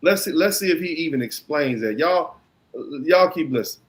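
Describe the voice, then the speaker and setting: A man's voice: on the high side, lively intonation, normal speed, poor audio. A man in a played clip giving argumentative commentary, combative and repeating himself as he builds his points.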